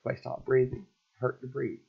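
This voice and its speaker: Middle-aged man, husky and raw, telling a painful story in fits and starts; muffled lo-fi recording. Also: mid-range voice, completely flat delivery. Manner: halting, repetitive, raw. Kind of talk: emotional personal story. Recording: dull lo-fi recording.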